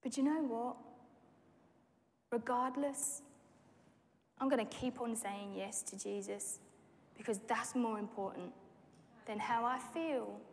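A woman preaching a personal testimony sermon, telling the story with lively acted-out dialogue. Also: a little high, measured pace, slight background noise. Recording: long hall reverb.

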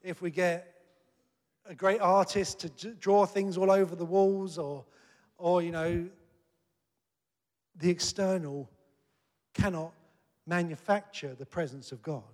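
A man delivering a sermon with a fairly high voice, talking earnestly and plainly, then pressing hard on key points. His words ring out with a long reverb, as in a church hall. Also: steady tone, a little slow, long pauses, a little mellow. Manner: earnest, conversational preaching that rises to emphatic peaks. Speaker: preacher.

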